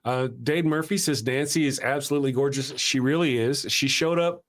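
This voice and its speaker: A man with a Southern US accent hosting a casual morning talk show, telling stories in an animated, self-mocking way with frequent laughter. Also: medium pitch, brisk. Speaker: show host.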